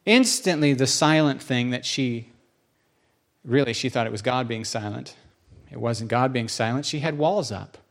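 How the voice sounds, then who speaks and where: A man's voice: mid-range voice, moderate pace, gravelly. A man preaching a sermon in a church, speaking conversationally and acting out quotes with rising emphasis.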